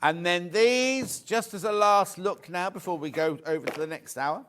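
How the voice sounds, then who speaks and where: A man's voice: high-pitched, normal speed, fairly bright tone, slight background noise. A man presenting on a live shopping channel, chatty and rambling with joking asides.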